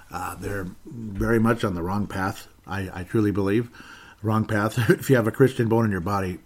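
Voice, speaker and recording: Heated rambling man on a podcast. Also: fairly low pitch. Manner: rambling, heated, many fillers and restarts. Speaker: podcast host. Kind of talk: political commentary monologue.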